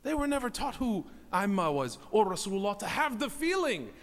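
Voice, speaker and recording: A man's voice: sits high, big pitch swings, a little fast. A man giving an earnest, exhorting sermon to a congregation, often calling them his beloved brothers. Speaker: speaker at a religious center. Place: mosque hall. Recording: long reverb of a large hall.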